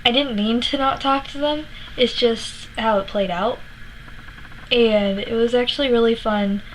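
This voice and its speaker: A woman's voice: on the high side, steady tone, unhurried, a little hiss or hum, rough recording. A young woman from Florida telling a story to her vlog audience in a chatty way, acting out quotes, laughing and swearing now and then. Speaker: vlogger. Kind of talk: casual storytelling.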